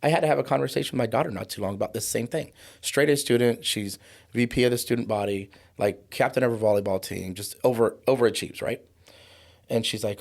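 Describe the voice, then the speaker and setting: A man in his forties, a podcast guest talking about trauma in an impassioned, preachy way, slowing down for emphasis. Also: mid-range voice, vocal fry, a little mellow. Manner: fired-up, preachy, slows down for emphasis. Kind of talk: impassioned conversational podcast talk.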